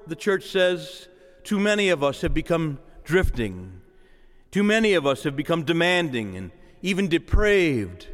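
A male pastor preaching a sermon with passion, moving from hushed prayer to excited outbursts. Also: high-pitched, big-room sound. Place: church sanctuary.

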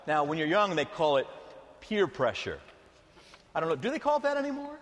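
A middle-aged male pastor preaching a sermon in an animated, conversational way with playful asides, in a church with long reverb. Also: fairly high pitch, fairly quick, pauses often, background noise.

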